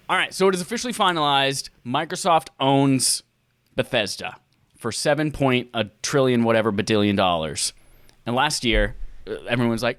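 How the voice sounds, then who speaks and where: Animated jokey podcast host. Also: male voice, mid-range voice, a little fast, no room sound, clean studio sound. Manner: jokey, animated, reads news with playful asides. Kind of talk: casual gaming podcast chat.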